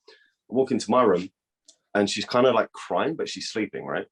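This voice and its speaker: A young man tells a long tale in loose, swearing chat. His voice sits a little low, and he slips into the voices of the people he quotes. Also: moderate pace, vocal fry, husky. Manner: profane, animated, acts out quoted dialogue. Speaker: guest. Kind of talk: casual storytelling.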